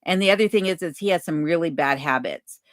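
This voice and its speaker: Speaking from her cabin in remote Alaska, a low-voiced woman runs a laid-back livestream, reading chat comments out loud and responding to viewer questions. Her pace is slow and easy, full of ums. There's no echo, and the recording sounds studio-grade.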